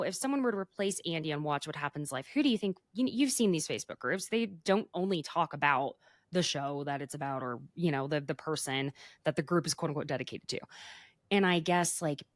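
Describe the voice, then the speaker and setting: A woman chats through celebrity gossip in a loose, animated way and laughs often. Her voice sits a little low for a woman. The mic is close, with no room sound. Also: no echo. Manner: chatty, animated, laughs often, says y'all. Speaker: podcast co-host. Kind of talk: casual gossip chat.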